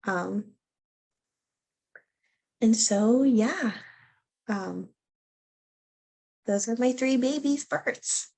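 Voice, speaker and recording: Young woman, casual storyteller, gravelly edge, animated, acts out quotes, lots of ums. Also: fairly high pitch, drawn-out words, long pauses. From United States. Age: young adult. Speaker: guest sharing her birth story.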